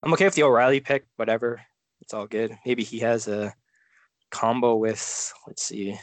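A relaxed man chatting casually on a podcast, thinking out loud and letting his sentences trail off. His voice sits at a middle pitch and sounds dry and close to the mic, with no room around it. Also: normal speed, no room sound. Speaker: podcast co-host. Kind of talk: casual fantasy draft chat.

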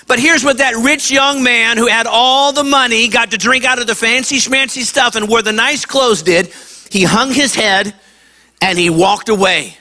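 Animated, high-voiced man preaching to kids. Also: moderate pace. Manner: animated storytelling, acts out quotes. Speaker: pastor. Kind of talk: sermon for kids. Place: church campus.

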